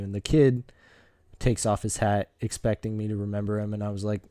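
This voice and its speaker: A man's voice: on the low side, little pitch movement, a little fast, dark tone, no echo. A teenage boy streamer telling a casual, rambling story, full of fillers and asides.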